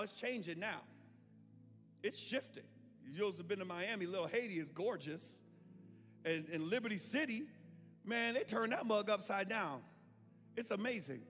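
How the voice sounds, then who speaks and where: A man preaching a sermon, telling a story and acting out the voices in it, swinging from hushed tones to shouts. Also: extremely high pitch. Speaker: pastor. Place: church sanctuary. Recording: long hall reverb with faint music.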